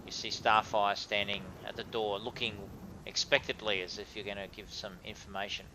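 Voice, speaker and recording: A man narrating as game master of a tabletop game, with many pauses and fillers. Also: on the low side, little pitch movement, background noise. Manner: hesitant, filler-heavy narration.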